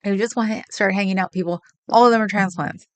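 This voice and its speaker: A woman's voice: mid-range voice, fairly even intonation, fast, dry recording. A woman from the Bay Area hosting a casual livestream chat, answering viewers with frequent laughs. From San Francisco Bay Area. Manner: chatty, laughs often, rambling. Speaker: livestream host.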